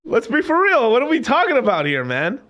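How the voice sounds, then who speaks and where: Profane, animated man ranting casually. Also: extremely high pitch, brisk, highs cut off. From Mexican. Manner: profane, emphatic, repeats phrases, mocking mimicry. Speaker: crypto livestream host. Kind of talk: unfiltered casual rant.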